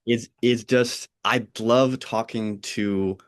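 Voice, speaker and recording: American male podcast host, flat accent, halting, restarts often, laughs easily. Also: mid-range voice. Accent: General American. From United States (Pennsylvania, Oregon). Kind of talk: casual chat.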